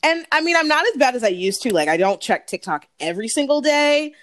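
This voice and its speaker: A woman's voice: high voice, big pitch swings, brisk, a bit bright, dry recording. A woman co-hosting a casual podcast chat, slangy and talkative, laughing often. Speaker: podcast co-host.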